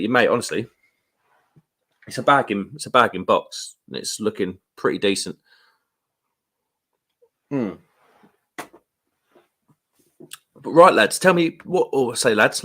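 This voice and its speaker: A man with a British accent hosting a casual live stream, chatty and rambling, with quick laughs and slangy asides. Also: medium pitch, fairly bright tone. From United Kingdom. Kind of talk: casual live stream chat, reading viewer comments. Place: room at home.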